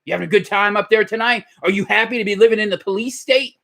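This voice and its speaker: A man putting on a deep, gravelly voice to play a loud parody talk-show host who preaches and rants. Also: fast, exaggerated voice. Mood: mocking.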